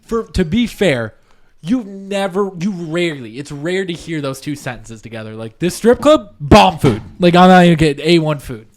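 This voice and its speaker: A man's voice: a little high, animated, moderate pace. A man hosting a podcast, telling a story in casual chat and laughing often. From Canada. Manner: laughs often, tells stories with quoted voices. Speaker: podcast host.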